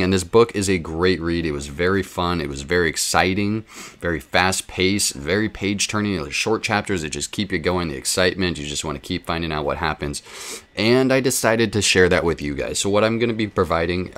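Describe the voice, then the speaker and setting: A man's voice: deep voice, fairly bright tone. A man running a gaming channel, chatting casually to his viewers in a rambling, self-deprecating way with frequent ums.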